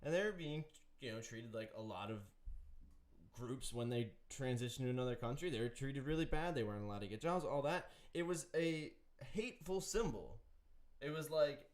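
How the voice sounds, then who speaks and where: A man's voice: medium pitch, moderate pace. A man hosting a sports betting show, chatting casually and jokingly, often reading quotes aloud. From Irish descent. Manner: jokey, animated, reads quotes aloud. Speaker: sports podcast host.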